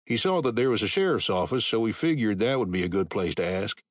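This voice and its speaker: A man reading a western novel aloud as narrator, steady and measured. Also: on the low side, dry recording, clean studio sound. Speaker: audiobook narrator. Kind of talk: scripted narration.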